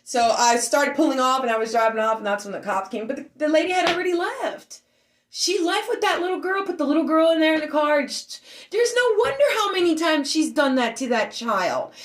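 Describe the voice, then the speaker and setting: High-pitched woman ranting through a story, echoey room, gets loud in bursts. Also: a little fast. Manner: animated, agitated retelling with raised outbursts. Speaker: storyteller recounting an incident. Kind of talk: casual storytelling vlog.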